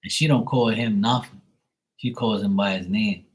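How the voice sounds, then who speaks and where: A Bermudian tarot livestream host in his forties speaks at normal speed with a lowish voice and steady tone. It's a casual rant laced with profanity, where he jokes by voicing both sides of phone calls.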